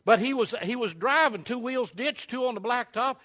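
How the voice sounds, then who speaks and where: A preacher spinning a folksy yarn at a camp meeting, rambling with many uhs and restarts. His voice sits high for a man and sounds bright and forward. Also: moderate pace. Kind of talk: sermon storytelling.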